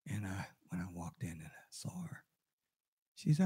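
An older man preaching a sermon, telling a family story with loud exclamations and hushed asides. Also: sits low, big pitch swings, normal speed, husky. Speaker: pastor.

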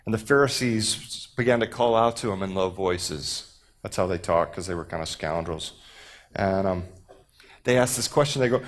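A man's voice: fairly low pitch, normal speed. A man from Houston preaching a casual, joking sermon to a youth group, with many fillers and restarts. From Houston, Texas. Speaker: pastor.

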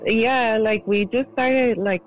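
Guest storyteller: woman, high-pitched, chatty with many fillers, slightly muffled audio. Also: slow pace, faint music behind. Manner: chatty, heavy use of "like" fillers. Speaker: podcast guest. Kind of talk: casual storytelling.

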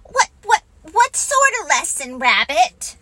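A woman's voice: high voice, big pitch swings, slow pace, bright, forceful tone, no echo, voice pushed up, heavily acted. A woman voicing a timid, nervous little piglet who stammers, in a storybook reading. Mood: anxious. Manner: stammering, anxious.

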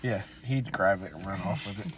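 A man co-hosting a podcast in casual chat, easygoing and laughing along with quick asides. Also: low-pitched, slight background noise. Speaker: podcast co-host.

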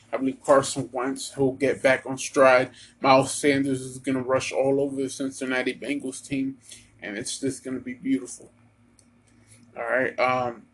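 A man from the United States giving casual sports predictions, halting often with ums and restarts while talking straight to his listeners. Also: medium pitch, rough recording. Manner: Eagles fan, talks straight to listeners. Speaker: sports vlogger giving picks.

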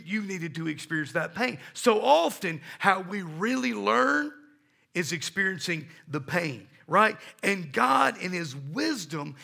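Gravelly, bright middle-aged male preacher. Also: high-pitched. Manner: call-and-response with the congregation; emphatic, storytelling preacher. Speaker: pastor. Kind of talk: sermon.

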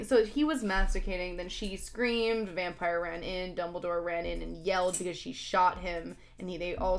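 A woman co-hosting a comedy podcast, reading a fanfic aloud in a sardonic, exasperated way and swearing freely. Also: lowish voice. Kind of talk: casual comedic read-along.

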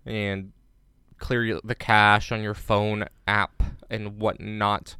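A man co-hosting a podcast in casual chat, rambling with jokey deadpan asides. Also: lowish voice, takes it slowly, clean tone, no room sound, clean studio sound. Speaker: podcast co-host. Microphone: remote recording on separate devices.

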